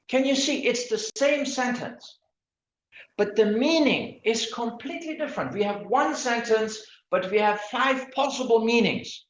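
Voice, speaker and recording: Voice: mid-range voice, animated, a little slow, a little hiss or hum. A lecturer giving an online class on academic writing, often stopping to restart words and asking the listeners questions. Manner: hesitant, many restarts and repeated words; asks the audience questions. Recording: echoey, dull lo-fi room sound.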